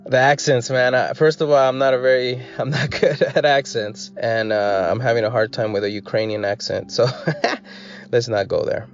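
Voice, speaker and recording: A man's voice: medium pitch, level tone, moderate pace. Wry man hosting a lo-fi podcast. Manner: wry, sarcastic asides with chuckles. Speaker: podcast host. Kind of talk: casual news podcast commentary. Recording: slightly dull lo-fi audio with faint music.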